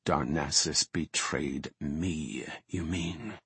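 A man voicing a cold, vengeful female warden who speaks calmly and with contempt. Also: lowish voice, slow, husky, dry recording, full character voice. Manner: calm, contemptuous.

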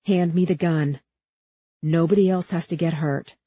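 A calm, steady man speaks low and firm, soothing yet commanding, as a woman narrator puts him on. The tone is husky, lowish and dry, with a slightly muffled sound. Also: moderate pace, no echo.

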